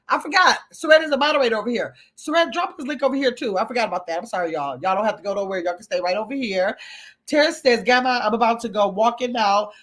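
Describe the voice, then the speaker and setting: Chatty woman reading her livestream chat. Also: a little high. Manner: chatty, reads viewer comments aloud, talks to viewers as "y'all". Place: home, at a computer.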